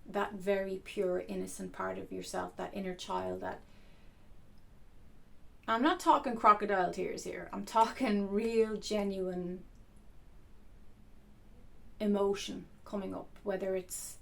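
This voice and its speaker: Soft-spoken earnest woman, gravelly edge. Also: medium pitch, fairly even intonation, measured pace, long pauses. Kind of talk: reflective talk to camera.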